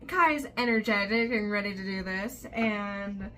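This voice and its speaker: A woman's voice: medium pitch, a little slow, bright, forceful tone. A woman recapping a novel in a chatty, rambling way, with many fillers. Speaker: book vlogger. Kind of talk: casual book recap.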